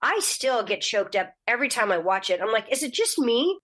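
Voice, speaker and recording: A middle-aged woman, a guest actress, telling stories in a casual podcast chat, animated and jumping into high voices for quotes. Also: a little fast.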